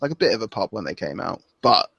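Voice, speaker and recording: A man's voice: low-pitched, very animated, quick pace, gravelly, a bit bright, breathy edge, no room sound. A man co-hosting a podcast, chatting loosely and acting out wrestlers' lines as he recaps. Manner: loose and rambling, acts out wrestlers' lines with laughs. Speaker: podcast co-host. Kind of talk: casual chat.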